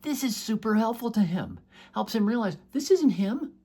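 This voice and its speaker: A male doctor teaching straight to camera, his voice gravelly and a little husky. He talks earnestly, with lively swings in pitch as he acts out little quoted voices in his examples. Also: moderate pace. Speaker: doctor teaching about chronic pain. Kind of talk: educational talk to camera.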